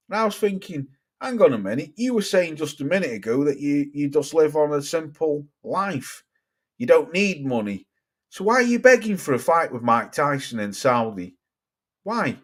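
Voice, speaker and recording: A man's voice: fairly high pitch, lively intonation, moderate pace. A man, ranting casually and swearing while reacting to his live chat. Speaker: streamer.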